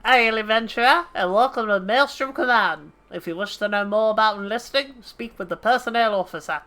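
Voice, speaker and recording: A woman putting on a Cockney-style voice for a brash naval greeter who calls out a loud, hearty welcome. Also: a little high, a little fast, voice pushed up, close to an everyday voice. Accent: Cockney-style put-on.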